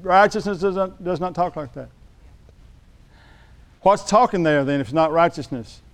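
A man preaching a sermon in a church, joking with the congregation and building to emphatic, shouted lines. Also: a little high, normal speed.

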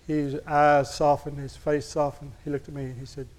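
A man's voice: a little high, level tone, moderate pace. Folksy male preacher telling a story. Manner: folksy, candid, humorous storytelling to a congregation. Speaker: pastor. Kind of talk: sermon storytelling.

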